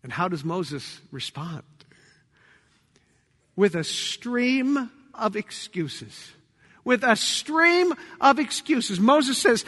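A man preaching a sermon to his congregation, dramatic, swinging between loud cries and hushed tones. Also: very high-pitched, very animated, very slow, pauses often. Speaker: pastor. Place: church sanctuary. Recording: long church hall reverb.

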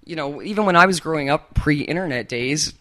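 A man's voice: fairly high pitch, fairly bright tone. A man from Canada with a mild Canadian accent, a guest on a podcast, chatting casually and joking with frequent laughs. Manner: joking, laughs often, quick asides. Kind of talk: casual chat.

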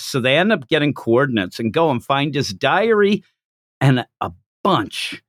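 A man hosting a podcast, casually recapping a manga chapter in a jokey, animated way. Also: mid-range voice, no room sound, clean studio sound. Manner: animated, jokey retelling with quick acted quotes. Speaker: podcast host.

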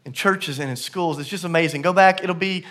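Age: unknown. Sex: man. Style: sermon storytelling. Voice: fairly high. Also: brisk. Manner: storytelling, swings from hushed to loud and emphatic. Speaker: pastor. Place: church service.

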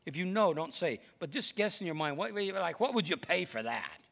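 A man preaching with lively, storytelling energy. His fairly high voice swings widely in pitch and has a gravelly edge. The tone is bright and forceful. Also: normal speed. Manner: lively storytelling, animated and emphatic. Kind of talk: sermon.

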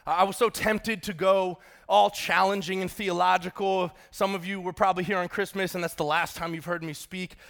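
Casual, joking male pastor with a higher voice. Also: level tone, moderate pace, gravelly, hardly any pauses, fairly bright tone. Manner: casual and joking, talks to the congregation directly. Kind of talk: sermon. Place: church auditorium.

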